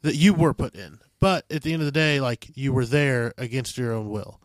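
A man's voice: mid-range voice, normal speed, dry recording. A man hosting a podcast, asking questions in a casual, joking way with loose phrasing. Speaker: podcast host.

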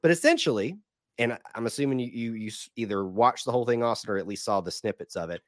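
A man, hoarse from a cold, hosting a casual sports podcast in a chatty, rambling way. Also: medium pitch, fast talker, no echo, clean studio sound. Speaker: podcast host.

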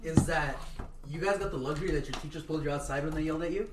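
A man's voice: a little high, racing, recorded from a distance. A young man in a casual chat among friends, making jokey, exaggerated asides. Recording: roomy, off-mic with chatter behind.

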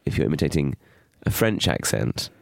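A middle-aged man co-hosting a comedy podcast, chatting casually in a teasing, wry way with drawn-out emphasis. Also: extremely low pitch, big pitch swings, creaky, no echo, clean studio sound.

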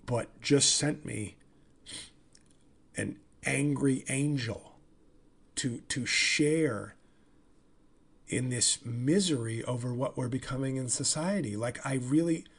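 A man hosting a podcast, telling a comic story in an animated, profane, rambling way. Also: medium pitch, takes it slowly, gravelly, long pauses, breathy edge. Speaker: comedian and podcast host. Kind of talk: casual comedic monologue.

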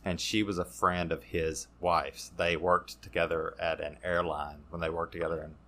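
A man, a podcast guest telling his recovery story in a halting, casual way, full of fillers and restarts. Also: sits low, level tone, pushed and bright.

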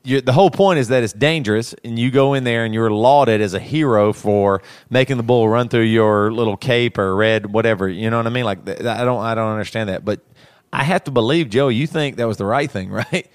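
A man's voice: medium pitch, brisk, clean tone, no echo, studio quality. A man co-hosting a podcast who reads news stories aloud, stumbling over words and laughing as he jokes. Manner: stumbling, joking, laughs while reading. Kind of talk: casual chat.

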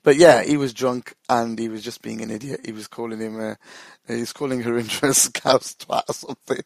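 A man's voice: mid-range voice, fairly even intonation, a little fast, creaky, dry recording. A man chatting casually as a podcast co-host, rambling, swearing and laughing often. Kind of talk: casual football chat.

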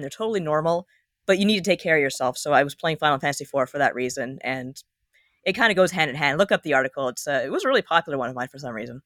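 A woman's voice: deep voice, a bit bright, no room sound, studio quality. A woman co-hosting a podcast, telling a personal story in casual chat with wry, joking asides. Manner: storytelling with wry humor and laughs. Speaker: podcast co-host.

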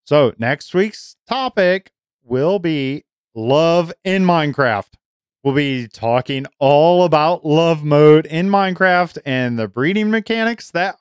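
A man's voice: high-pitched, smooth, dry recording, clean studio sound. A middle-aged man hosting a casual podcast, enthusiastic, often repeating words as he starts a sentence. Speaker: podcast host.

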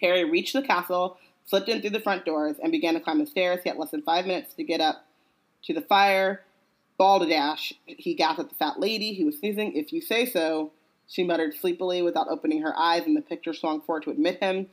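A woman with a low, deep voice reads a book aloud in an easygoing way. She drops into chatty, joking asides and fills her talk with "like" and "um". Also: fast talker, rough recording. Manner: chatty, jokey asides with lots of "like" and "um". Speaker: podcast co-host reading aloud. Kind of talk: casual chat and book read-aloud.

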